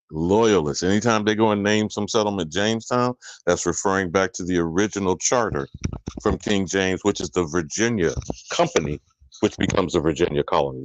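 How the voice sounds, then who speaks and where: Deep male co-host, emphatic and slangy, dry close sound. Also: dry recording, poor audio. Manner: emphatic, slangy, addresses others directly. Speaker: podcast co-host. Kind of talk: casual group discussion.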